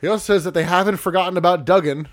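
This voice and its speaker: A man's voice: sits high, rapid-fire. A man co-hosting a casual podcast, recapping wrestling matches play by play with wry asides. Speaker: podcast co-host.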